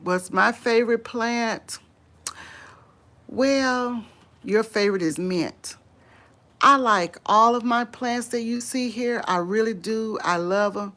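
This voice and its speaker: Woman, unhurried drawl, chatty live-stream talk, laughs often, outdoors on a walk. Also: a little high, a bit bright. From Louisiana. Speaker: vlogger host. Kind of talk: casual live-stream chat answering viewers.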